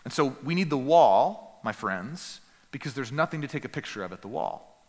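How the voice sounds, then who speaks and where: A man preaching a sermon as pastor, earnest and emphatic, with dramatic pauses and quiet drops. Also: mid-range voice, animated, in a large hall.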